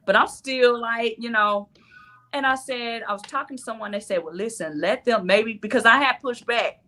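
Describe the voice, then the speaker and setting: A woman's voice: a little high, normal speed, bright, forceful tone. A woman, a former dating show cast member, telling her story in casual chat and acting out her own quoted lines.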